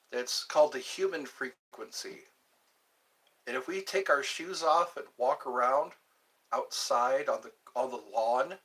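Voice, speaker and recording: A man's voice: mid-range voice, bright, forceful tone. A man hosting a live stream, chatting casually and rambling between musings and viewer comments.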